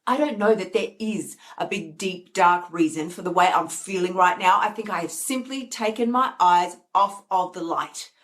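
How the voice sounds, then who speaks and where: A woman's voice: lowish voice, normal speed, few pauses. A middle-aged woman hosting a self-help live stream, talking casually and animatedly and acting out the voices in her head. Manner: animated, acts out inner voices. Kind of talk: casual motivational talk.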